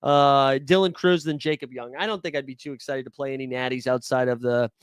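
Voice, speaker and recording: A man's voice: medium pitch, fairly even intonation, fairly quick, clear, resonant tone, dry recording, studio quality. A young man hosting a live fantasy sports stream, talking casually and jokily with lots of filler words. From New England.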